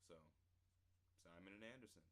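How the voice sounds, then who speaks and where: A man casually working through a textbook lesson on camera, reading passages aloud and slowly sounding out syllables, rambling between them. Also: low voice, a bit bright, slight background noise, rough recording. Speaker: self-taught learner presenting a lesson. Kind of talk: casual vlog-style lesson.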